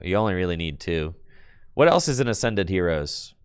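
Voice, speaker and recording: A man streaming a card game on his computer, chatting casually and excitably with his viewers in slang, with bursts of laughter. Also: low-pitched, moderate pace, clear, resonant tone, no echo, studio quality. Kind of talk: casual live-stream chat while playing a card game.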